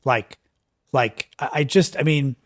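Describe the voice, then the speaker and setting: A man's voice: medium pitch, a little slow. A man reading headlines on a livestream and commenting on them in a sarcastic, exasperated way, with many fillers and restarts.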